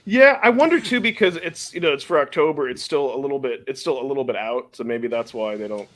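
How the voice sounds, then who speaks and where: A man's voice: mid-range voice, expressive, quick pace. A man hosting a casual podcast chat, chatty and laughing often, sometimes stumbling over names. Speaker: podcast host.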